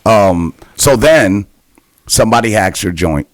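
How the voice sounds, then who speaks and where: A man co-hosts a casual interview in a laid-back, slangy way. His voice sits fairly low. The sound is dry and close, with little room behind it. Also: animated, unhurried, dry recording. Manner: laid-back, slangy, keeps asking "you know what I mean". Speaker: podcast co-host.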